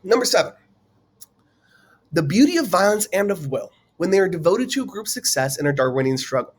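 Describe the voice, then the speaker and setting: A man with a high, sing-song voice explains a political topic at a brisk clip, teaching casually with lots of fillers and questions aimed at the viewer. It's a relaxed, conversational explainer lecture.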